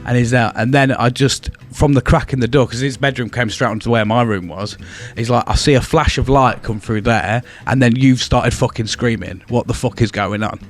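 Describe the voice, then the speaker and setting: A man's voice: mid-range voice, steady tone, moderate pace, hardly any pauses, soft background music. A young English man with an English accent telling a ghost story in casual podcast chat, swearing often and acting out what was said. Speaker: podcast co-host.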